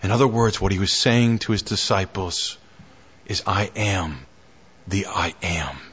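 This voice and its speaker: A man preaching a sermon as pastor, reading scripture aloud, with dramatic rises and hushed drops. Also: low voice, a little slow, husky, dull audio.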